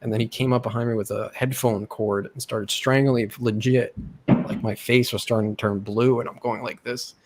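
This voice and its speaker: A young male host tells stories casually among friends at a moderate pace and medium pitch. His delivery is animated, and he lifts his voice to act out whoever he quotes.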